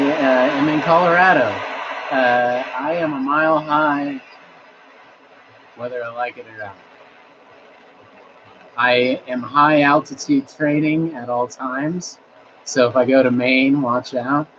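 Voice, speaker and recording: A man's voice: mid-range voice, steady tone, takes it slowly, long pauses, fairly bright tone, slight background noise. A man hosting a casual livestream from home, rambling in a laid-back way and reading viewers' chat aloud. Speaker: livestream host. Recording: slightly muffled, faint music behind.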